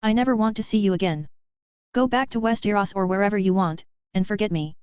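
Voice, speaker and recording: A woman's voice: medium pitch, fast talker, a little mellow, clear, resonant tone, dry recording, muffled recording, natural voice. A woman reading a furious, betrayed young queen in an accusing voice. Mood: bitter. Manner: angry, accusing.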